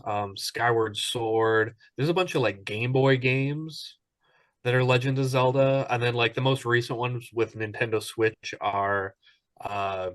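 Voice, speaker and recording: A man's voice: medium pitch, a bit bright, no echo. Chatty man on a dry podcast mic. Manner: enthusiastic, rambling with many ums. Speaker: podcast co-host. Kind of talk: casual podcast chat.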